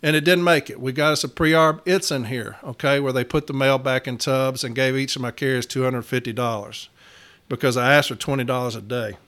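A man's voice: mid-range voice, steady tone, a little fast, fairly bright tone. A man who is a union shop steward, telling a work story to his viewers in a blunt, profane, emphatic way and often addressing them directly. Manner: folksy, addresses listeners as y'all.

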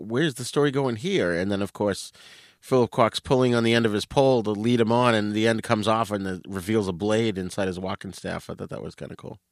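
A man co-hosting a podcast, recounting movie scenes in a relaxed, easygoing way. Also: on the low side, no echo, studio quality. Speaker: podcast co-host. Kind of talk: casual film review chat.

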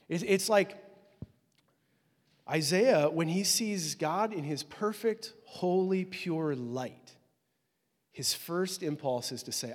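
A pastor preaching a sermon in a casual, conversational way, swinging between loud, high exclamations and soft, low asides. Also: male voice, animated, slow, long pauses. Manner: casual, conversational preaching with many fillers and restarts. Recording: long hall reverb.

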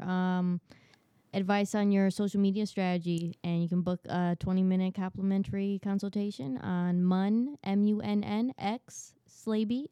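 A woman guest on a podcast, speaking plainly and a little haltingly with fillers. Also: medium pitch, dark tone, clean tone, no echo. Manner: plain, measured, hesitant fillers. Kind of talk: casual chat.

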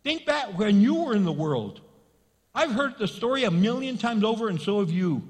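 A man's high, bright-toned voice preaches, animated and folksy, slipping into the voices of the people he talks about. The sound rings out in a long, echoing church hall reverb. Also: moderate pace. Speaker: pastor. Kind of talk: sermon.

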